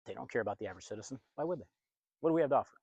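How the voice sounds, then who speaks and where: A man's voice: medium pitch, expressive, rapid-fire, creaky, a little mellow, breathy edge, no room sound, dull audio. A man who works as a pastor and video host, from the United States, preaching in a blunt, emphatic and confrontational monologue.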